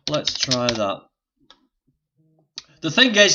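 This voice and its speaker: A man's voice: mid-range voice, lively intonation, a little slow, a bit bright, a little hiss or hum. Chatty northern English man, lo-fi stream. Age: older. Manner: chatty, joking with viewers while fixing technical issues. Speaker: livestream host. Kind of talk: casual live stream chat. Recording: dull lo-fi stream audio.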